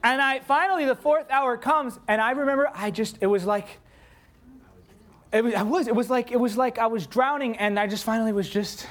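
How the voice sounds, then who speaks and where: A man preaching a sermon, telling a story in an animated way and acting out his own prayers. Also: very high voice, moderate pace.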